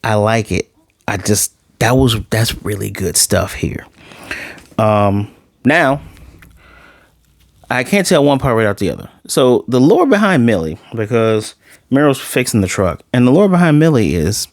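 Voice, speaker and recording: A man giving a casual anime episode review. He retells scenes in an animated way, using "like" a lot and often restarting his sentences. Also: mid-range voice, measured pace, no room sound, studio quality.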